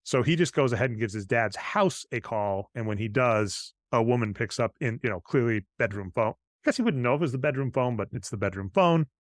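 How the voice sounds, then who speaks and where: A man's voice: mid-range voice, lively intonation, fairly quick, hardly any pauses, no echo. A man co-hosting a podcast, casually retelling film scenes and quoting the characters' lines. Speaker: podcast co-host. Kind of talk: casual chat recapping a film.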